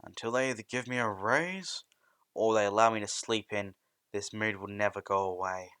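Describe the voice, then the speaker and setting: A man voicing a lazy, grumpy teacher with a sleepy, deadpan way of talking, in a fan storybook reading. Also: lowish voice, normal speed, clear, resonant tone, lightly acted.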